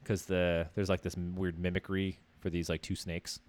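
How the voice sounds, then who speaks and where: A man's voice: low-pitched, little pitch movement, normal speed, darkish tone. A man co-hosting a podcast in casual chat, laid-back and rambling, laughing often. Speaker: podcast co-host.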